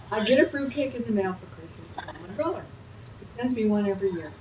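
A woman's voice: mid-range voice, animated, fast talker. A woman in a casual chat as a guest at home, giggly and prone to laughter. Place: her own home, dim room. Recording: distant echoey dull mic, noisy.

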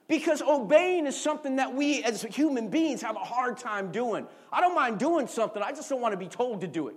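A man's voice: very high-pitched, a little fast, hardly any pauses. A middle-aged man preaching a sermon as pastor, calling for responses and often repeating words as he tells stories. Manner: call-and-response, repeats words, animated storytelling.

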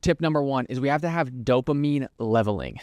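Chatty young man with a smooth voice. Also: mid-range voice, animated, a little fast, a little mellow, no room sound. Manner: conversational, filler-heavy, lots of "like", acts out hypothetical quotes. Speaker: podcast host. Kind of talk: casual Christian teaching monologue.

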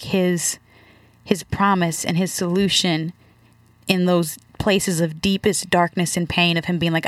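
A woman giving a reflective faith testimony, searching for words with many halting restarts. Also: fairly low pitch, dry recording. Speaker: guest.

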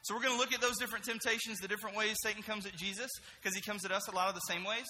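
Bright, energetic young man preaching to youth. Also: sits high, racing, long reverb tail, slight background noise, poor audio. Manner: energetic and joking, asks the crowd questions. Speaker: middle school pastor. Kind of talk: youth group sermon. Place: church youth room.

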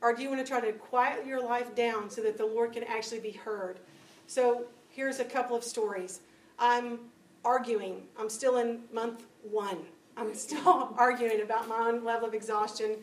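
A woman giving a spoken testimony to a church audience, telling stories with lively acted-out dialogue. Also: on the high side, moderate pace. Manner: animated storytelling, acting out dialogue. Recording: echoey room, distant mic, faint noise.

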